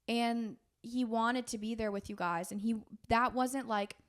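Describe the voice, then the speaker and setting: A woman's voice: fairly high pitch, steady tone, measured pace. A woman hosting a podcast, talking in an earnest, encouraging and emotional way. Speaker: podcast host. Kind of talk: heartfelt podcast talk.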